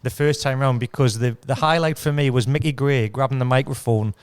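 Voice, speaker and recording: A man in his forties with a Geordie accent, a former footballer guesting on a podcast and telling lively anecdotes with chuckles. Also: medium pitch, fairly quick, smooth. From Whitley Bay, North East England. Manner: lively anecdotal storyteller, chuckling through tales. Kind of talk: casual podcast chat.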